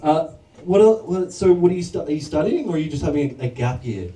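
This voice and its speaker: Working the crowd as MC at a comedy club, a man rambles through self-deprecating bits and laughs at his own jokes. His voice is warm, expressive and on the high side, delivered quickly. The recording is noisy and echoey, picked up from a distance in the club.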